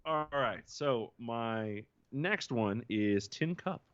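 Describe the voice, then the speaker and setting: A man's voice: medium pitch, lively intonation, clear, resonant tone, dry recording, muffled recording. A man co-hosting a sports podcast, chatting easily and laughing along. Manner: easygoing, laughs along, quick asides. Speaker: podcast co-host. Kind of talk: casual sports chat.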